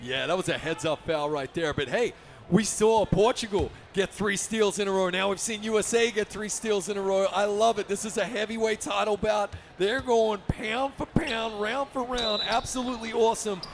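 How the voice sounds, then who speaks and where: A man giving energetic, upbeat play-by-play for a basketball video game tournament, often shouting the big plays. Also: high voice, normal speed, a little hiss or hum. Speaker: esports commentator.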